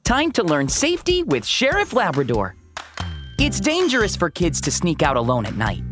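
A woman voicing a patient, protective dog sheriff who teaches children about safety, in a cartoon. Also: fairly low pitch. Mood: instructive. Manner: calm, instructive.

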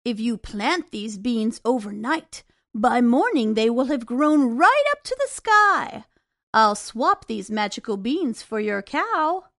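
A woman's voice: fairly high pitch, very animated, slow, a bit bright, no room sound, studio quality, voice pushed down, heavily acted. Woman doing a strange old bean-peddling man. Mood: coaxing.

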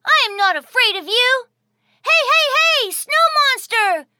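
A woman doing an eager, squeaky little boy. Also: animated, unhurried, very noisy. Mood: excited. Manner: eager, exclamatory. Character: brave, greedy little boy, cheerful. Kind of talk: children's audio story acting.

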